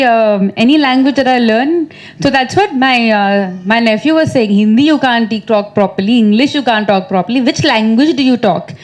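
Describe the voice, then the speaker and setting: Chatty woman answering at a press meet. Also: on the high side. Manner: chatty, laughs often, teasing. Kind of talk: casual answers at a press conference.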